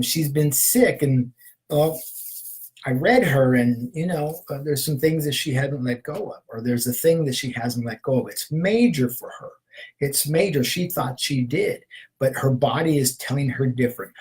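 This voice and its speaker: A man in his fifties speaks as a shamanic healer, posing searching questions again and again and answering them with a quiet "aho". His delivery sometimes sinks into a soft whisper and sometimes swells into passionate, emphatic affirmations. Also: fairly high pitch, low-quality recording. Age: 50s. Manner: repeats probing questions, punctuates with "aho"; drops into soft whispers at times. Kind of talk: spiritual motivational talk.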